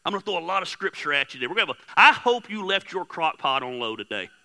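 Man, pastor, very bright sharp tone, lively swooping pitch, candid preaching. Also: quick pace, vocal fry. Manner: candid, joking, talks straight to the crowd; swings between soft asides and loud emphatic bursts. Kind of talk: sermon. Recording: hall reverb.

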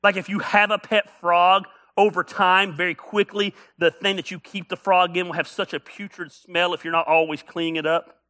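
A male pastor preaching a sermon, telling stories with humor and building up to shouts. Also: high voice, little pitch movement, normal speed, few pauses.

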